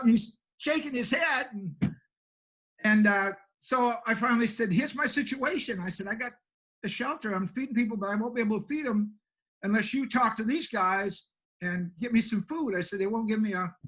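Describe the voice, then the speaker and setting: A man's voice: very high-pitched, pushed and bright, poor audio. An older man, a country pastor telling stories in a plainspoken, self-deprecating way during an interview. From Maine, USA. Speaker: pastor and homeless shelter director. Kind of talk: folksy storytelling in an interview.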